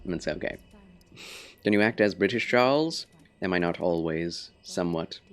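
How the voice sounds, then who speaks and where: A man streaming a video game, chatting casually with viewers in a polite, formal, gentlemanly way. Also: low-pitched, normal speed, soft background music.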